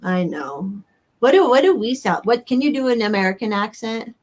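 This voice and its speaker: A woman's voice: a little high, sing-song, normal speed. A woman hosting a casual livestream chat, easygoing and loose, filling her talk with "like" and "I mean". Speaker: livestream host.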